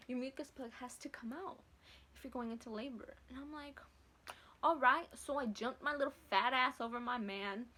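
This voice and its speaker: A young woman vlogger telling a story to camera in a casual, slangy, heavily profane and animated way. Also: a little high, husky. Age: late teens to early 20s.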